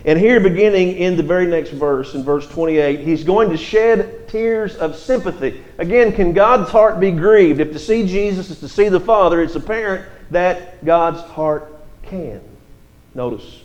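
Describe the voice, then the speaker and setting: A man's voice: sits high, expressive, measured pace, a little mellow, dull audio. A man preaching an expository sermon, reading scripture verses aloud and explaining them.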